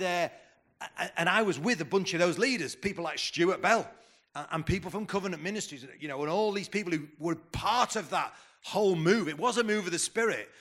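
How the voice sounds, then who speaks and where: Brief: fifties man, a bit high-voiced, fired-up conference preacher who throws questions at the crowd. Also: moderate pace, fairly bright tone. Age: 50s. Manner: rousing, asks the crowd questions, stumbles and restarts. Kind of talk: conference sermon.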